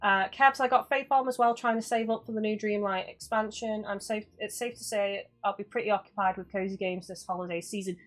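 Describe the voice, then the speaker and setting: A woman's voice: mid-range voice, fairly even intonation, a little fast, few pauses. A woman chatting casually to her viewers while live-streaming a game, swearing now and then.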